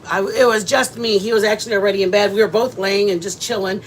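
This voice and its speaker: A chatty woman hosts a casual cooking livestream and talks straight to her viewers. She rambles loosely from one thought to the next in an ordinary mid-range voice. A faint low rumble runs underneath. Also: steady tone, quick pace. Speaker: livestream host.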